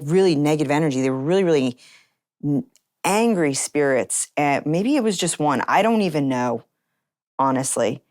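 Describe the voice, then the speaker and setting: Very deep-voiced woman telling a personal story. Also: darkish tone. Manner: chatty, heavy use of "like" fillers. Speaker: interviewee.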